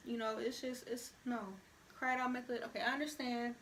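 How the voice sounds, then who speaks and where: A woman's voice: on the high side, flat delivery, fairly quick, fairly bright tone, a little hiss or hum. A young woman, giving her opinions in a frank, conversational way on a casual vlog. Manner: frank, conversational, many "you know" asides. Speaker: vlogger.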